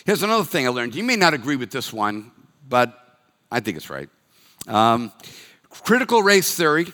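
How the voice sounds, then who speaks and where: A man in his sixties, a pastor from Massachusetts, preaching in a candid, self-deprecating, conversational way that swings between emphatic and quiet. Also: a little high. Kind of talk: conversational sermon. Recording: long reverb of a hall.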